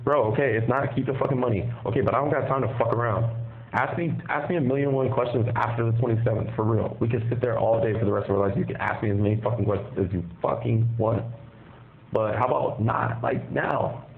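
A gravelly, low-pitched man rattles on fast and hard down a thin, tinny jail phone line with a light hiss behind him. He is profane and aggressive, and he makes threats in a heated argument. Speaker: inmate on a jail call.

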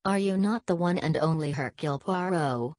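An upbeat, confident gentleman companion, voiced by a woman reading an audiobook, eager in every phrase. Low voice, and a close, dry sound. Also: normal speed, no echo. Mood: cheerful.

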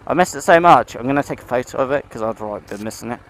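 Riding his motorcycle through town, a male motovlogger rambles and swears, talking to himself and to his bike. His mid-range voice is animated, fast and fairly bright, though the recording quality is low.

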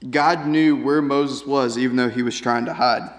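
A man's voice: medium pitch, steady tone, normal speed. A man preaching a sermon in a casual, conversational way, often checking in with "right?". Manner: conversational, keeps asking "right?". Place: church sanctuary. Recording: long reverb of a church hall.

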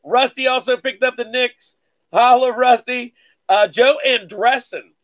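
A man's voice: extremely high pitch, moderate pace, a bit bright. A man hosting a live card break stream, chatting casually with many fillers and greeting viewers by name.

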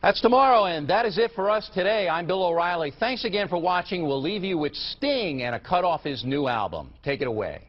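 A male news host in a studio outtake, flustered and irritable, breaking into angry yelling. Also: high-pitched, lively intonation, fairly quick, few pauses, highs cut off.

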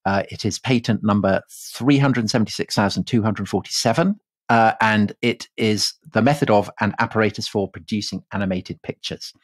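A man co-hosting a history podcast, telling the story in a relaxed, chatty way with frequent restarts. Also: fairly low pitch, normal speed, no echo. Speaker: podcast co-host.

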